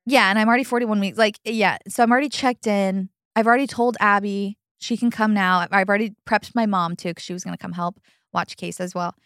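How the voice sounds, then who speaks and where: A woman's voice: mid-range voice, fairly even intonation, a little fast, a bit bright, smooth, dry recording, clean studio sound. A young adult woman hosting a podcast, telling a personal story in casual chat, chatty and full of fillers, laughing often.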